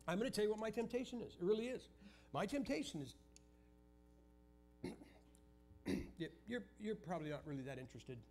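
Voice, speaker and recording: A man's voice: on the high side, darkish tone. An older man preaching in a church, teaching Sunday school with joking stories. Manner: joking, anecdotal storytelling.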